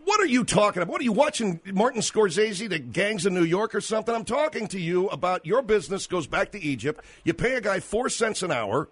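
A husky-voiced male radio host who needles and mocks his callers sarcastically. His pitch jumps around with lively swings. He is close to the mic in a dry, dead studio. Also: a little fast, few pauses, no echo. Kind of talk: call-in radio talk.

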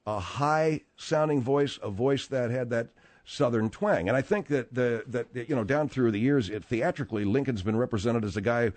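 A man hosting a talk radio show, rambling and animated, with frequent restarts as he talks. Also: mid-range voice, moderate pace. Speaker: radio host.

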